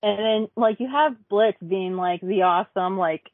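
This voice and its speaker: A woman's voice: mid-range voice, moderate pace, no room sound. Woman chatting over a tinny line. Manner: chatty, rambling with many fillers like "like". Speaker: podcast co-host. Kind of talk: casual chat reviewing a cartoon episode.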